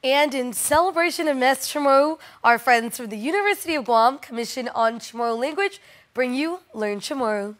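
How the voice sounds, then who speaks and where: A woman reading scripted news links as anchor, polished and even. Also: high-pitched, fairly quick.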